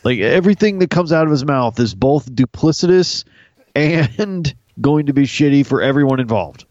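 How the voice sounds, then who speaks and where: A man co-hosting a casual TV recap podcast, talking in an animated, crude, joking way. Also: medium pitch, moderate pace, dry recording, lo-fi sound. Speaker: podcast co-host.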